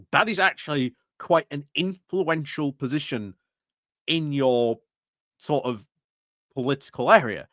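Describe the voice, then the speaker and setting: A man's voice: medium pitch, a bit bright, no room sound. Chatty man hosting political commentary. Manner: chatty, frequent filler words and self-corrections. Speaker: political commentary channel host. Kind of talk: casual political commentary livestream.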